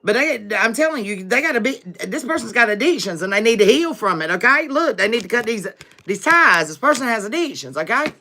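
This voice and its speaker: A woman's voice: fairly high pitch, big pitch swings, a little fast, pushed and bright, faint music behind. A woman doing a live-stream tarot reading for her viewers, chatty and familiar, calling them "baby" and "boo", tagging lines with "okay?" and laughing often between remarks. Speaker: tarot reader. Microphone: livestream setup.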